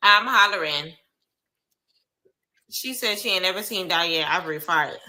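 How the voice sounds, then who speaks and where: A woman's voice: fairly low pitch, normal speed, pushed and bright, rough recording. A young woman giving live reaction commentary on reality TV, exclaiming and talking to her viewers in casual slang.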